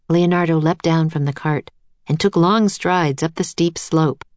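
A woman narrating a children's chapter book aloud in a steady, clear storytelling voice. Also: deep voice, unhurried, no room sound.

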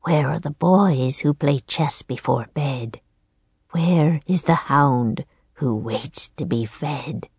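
A feeble old woman with a cracked voice, reciting in slow, eerie rhymes, as a woman reading a storybook puts her on. It is a dry, close recording. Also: low-pitched, darkish tone, husky, no echo, voice pushed down, heavily acted. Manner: slow, rhyming.

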